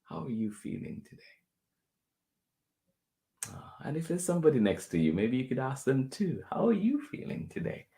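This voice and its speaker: A man hosting a children's story time, reading a picture book aloud in a playful, expressive way and sometimes dropping to a whisper. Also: mid-range voice, moderate pace, gravelly, pauses often.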